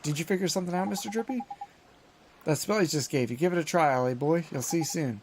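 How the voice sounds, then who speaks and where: A man's voice: on the high side, fast, a little hiss or hum, close to an everyday voice. Man doing Drippy, a folksy little fairy. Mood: encouraging. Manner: chatty, folksy turns of phrase. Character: cheeky little male fairy sidekick.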